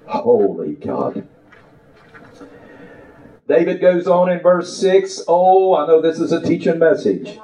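A man's voice: sits high, fairly even intonation, normal speed, warm tone, reverberant, far from the mic, low-quality recording. A man preaching an impassioned sermon to a church congregation, exclaiming and telling a story. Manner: impassioned, exclaiming, rising and falling.

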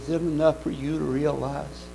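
Man preaching, gravelly voice, folksy fervor, faint hum behind. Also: fairly high pitch, flat delivery, moderate pace, warm tone, poor audio. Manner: folksy, fervent, calls out amens. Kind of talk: sermon.

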